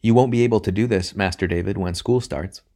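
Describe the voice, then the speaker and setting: A man's voice: fairly low pitch, a little fast, darkish tone, lightly acted. A man reading aloud, voicing a sly, scheming middle-aged baker who talks in a coaxing, insinuating way. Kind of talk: audiobook reading.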